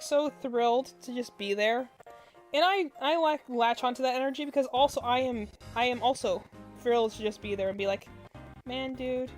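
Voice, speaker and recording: Woman, casual rambling chat, crochet streamer, slightly high voice, faint music in the background. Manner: rambling and chatty, lots of filler words; mutters stitch counts under her breath. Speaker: streamer crocheting while chatting.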